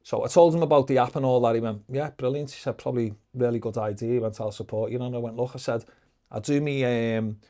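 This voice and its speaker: A middle-aged man, a podcast guest telling lively, profane anecdotes in casual storytelling. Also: mid-range voice, fast talker. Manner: swears freely, lively anecdotes.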